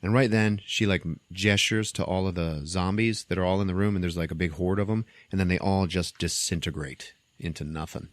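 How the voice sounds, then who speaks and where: Man, podcast host, deep voice, casual movie recap, acts out scenes, dry close mic. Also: fairly quick, few pauses, dry recording. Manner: animated storytelling, acting out scenes.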